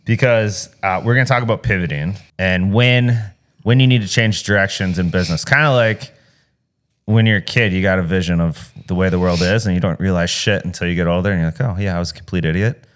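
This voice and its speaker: Deep-voiced, laid-back male podcast host. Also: brisk. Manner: laid-back, steers the talk to business. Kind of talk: casual business podcast chat.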